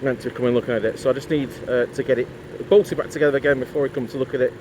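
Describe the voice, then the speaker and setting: A man's voice: medium pitch, fairly even intonation, racing, background noise. A man chatting casually to camera for his motorcycle vlog, rambling with lots of asides and fillers. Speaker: motorcycle vlogger.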